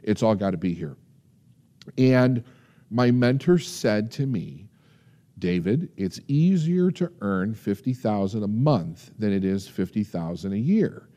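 Man, motivational speaker, warm low-toned timbre, swings his pitch, tells a story and acts out the quotes. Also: animated. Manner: storytelling, acts out quoted dialogue with shifting pitch and dramatic pauses. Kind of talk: personal story told to an audience.

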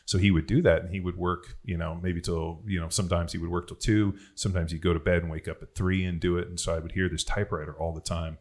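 This man's voice is deep and flat, and he talks fast with few pauses. He hosts a podcast, meandering through personal anecdotes in a laid-back conversation, cursing a lot and relying on fillers like "like" and "you know."

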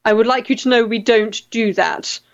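Middle-aged english woman chatting w/ viewers, bit high pitched, dry dull mic. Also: normal speed, no echo. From England. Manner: chatty, repeats words, reads out comments. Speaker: livestream host reading viewer comments. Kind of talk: casual chat.

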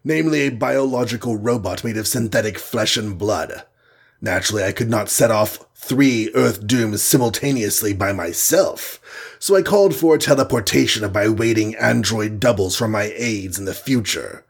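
A man's voice: fairly low pitch, normal speed, creaky, breathy edge. A man voicing a scheming male supervillain who gloats and mocks, dropping French phrases. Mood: smug. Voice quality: mocking, gloating.

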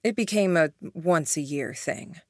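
Audiobook: woman reading an earnest, pleading witch; low voice, dry read. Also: slow, darkish tone, no room sound, heavily acted. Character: remorseful middle-aged woman, a witch, pleading.

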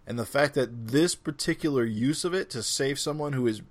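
A man's voice: mid-range voice, moderate pace. A man co-hosting a podcast, arguing his point carefully and adding context. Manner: explanatory, argues his point with detail. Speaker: podcast co-host. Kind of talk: casual chat.

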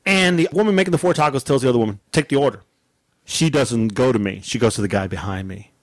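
A man co-hosting a casual chat show, telling a story in an animated way, swearing freely and acting out his own angry outbursts. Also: medium pitch, fast talker, dry recording. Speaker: podcast co-host telling a story.

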